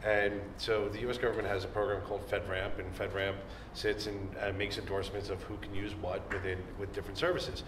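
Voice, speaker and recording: A man on a discussion panel speaking in a measured way, with frequent fillers. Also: fairly low pitch, level tone. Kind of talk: conversational panel talk. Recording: echoey room, distant mic, noise.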